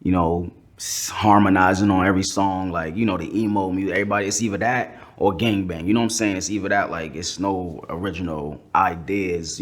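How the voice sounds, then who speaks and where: A man from Boston giving his opinion hesitantly, with lots of filler words. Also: low voice.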